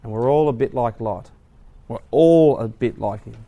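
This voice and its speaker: A man preaching a sermon, retelling a story dramatically, swinging from hushed to loud. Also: medium pitch, moderate pace, phone-quality sound.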